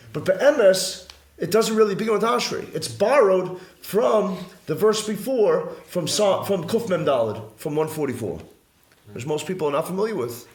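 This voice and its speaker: A man, a rabbi, teaching a live class in an indoor room, explaining earnestly and emphatically and repeating key phrases. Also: sits high. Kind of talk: religious study lecture to a live class. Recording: echoey room.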